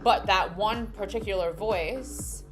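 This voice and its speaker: Slow-talking woman chatting on stream. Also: medium pitch. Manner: rambling, laughs often, talks to chat. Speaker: live-streamer. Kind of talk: casual live-stream chat. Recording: music playing behind the voice.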